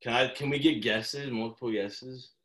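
A man's voice: medium pitch, steady tone, normal speed, fairly bright tone. A man co-hosting a casual podcast, answering quiz questions with good-humored banter.

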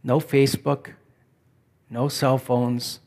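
A man's voice: medium pitch, level tone, slow pace, darkish tone. A man preaching a sermon in a conversational, reflective way, asking the listeners questions. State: back pain.

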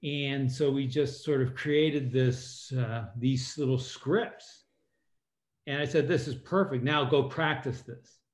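A middle-aged man, a former submarine captain and now an author, telling stories as a guest in an interview and quoting people in lively voices. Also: mid-range voice, takes it slowly. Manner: animated storyteller, quotes people in lively voices. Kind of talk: conversational interview storytelling. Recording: roomy, slightly dull sound.

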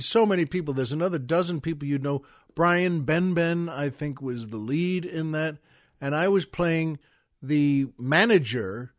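A man's voice: fairly high pitch, no echo, clean studio sound. A man hosting a podcast, telling a long show-business story in a rambling way, with restarts, asides and chuckles. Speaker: podcast host. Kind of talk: casual anecdotal storytelling.

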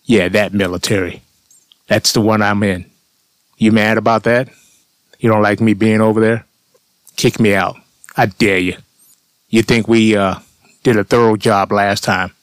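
Low-voiced blunt storytelling man. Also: dry recording. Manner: blunt, profane, conversational with "man" tags. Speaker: storyteller vlogger. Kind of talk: casual comic storytelling monologue.

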